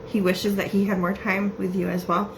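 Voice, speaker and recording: A woman's voice: mid-range voice, little pitch movement, noisy background. Chatty woman medium, laughing often. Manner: chatty, laughs often, quotes the spirit in quick bursts. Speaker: psychic medium. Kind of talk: relaying spirit messages in a casual reading.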